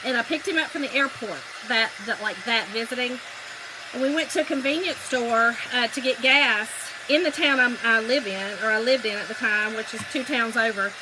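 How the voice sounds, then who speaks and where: A slightly high-voiced woman with a Southern accent speaks at a normal speed against background noise. She hosts a laid-back crafting livestream, telling stories and chatting with viewers she calls y'all.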